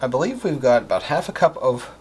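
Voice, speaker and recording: Upbeat male cooking host, lively pitch, kitchen noise and clattering dishes behind. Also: fast. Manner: upbeat, chatty, explains steps as he works. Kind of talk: casual cooking demonstration. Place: home kitchen.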